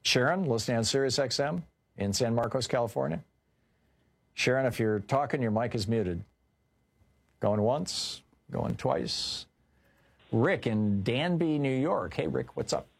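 A man's voice: medium pitch, expressive, a little slow, creaky, husky. A man hosting a call-in radio talk show, chatting with callers and moving the show along. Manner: conversational, fillers, moves calls along.

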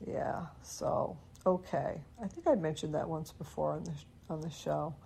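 A woman's voice: on the low side, measured pace, vocal fry, few pauses, darkish tone, breathy edge. A woman hosting a radio show in casual chat, rambling and stopping to correct herself with small chuckles.

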